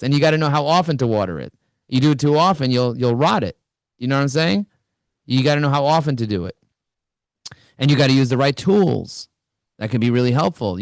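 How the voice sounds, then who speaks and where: A middle-aged business speaker gives a high-energy talk, telling stories animatedly and acting out both sides of conversations as his pitch swings up and down. His voice sits in an ordinary register and sounds close and dry, with no room sound or echo.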